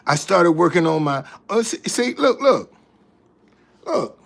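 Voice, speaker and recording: A man with a gravelly, creaky voice tells stories slowly and unhurriedly. He is a tour guide chatting casually to the camera. He circles back, repeating and restarting phrases as he goes. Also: high-pitched, big pitch swings.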